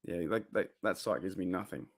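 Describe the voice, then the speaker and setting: This low-voiced young Australian man hosts a casual livestream at a brisk pace. His talk is loose and rambling, and he reads viewers' chat aloud as he goes.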